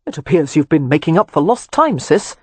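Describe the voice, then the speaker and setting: A woman reading a flippant, wry young gentleman teasing his sister in a historical romance audiobook. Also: sits low, big pitch swings, slightly rough, dry recording, exaggerated voice. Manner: flippant, quick.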